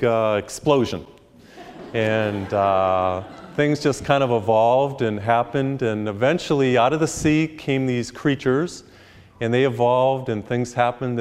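Male priest, live sermon, jokey storyteller, mid pitch, long hall reverb. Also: darkish tone, clear, resonant tone. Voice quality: storytelling, acts out characters with pitch jumps. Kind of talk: sermon with humorous stories. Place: church retreat, live.

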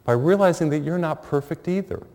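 Preaching man in a reverberant hall. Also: on the high side. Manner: animated storytelling with humor and pauses. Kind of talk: sermon.

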